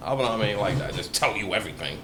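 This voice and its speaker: A man giving animated, conversational scripture commentary, dropping into slang and asides. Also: lowish voice, fast. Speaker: bible study teacher. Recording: echoey room with faint noise.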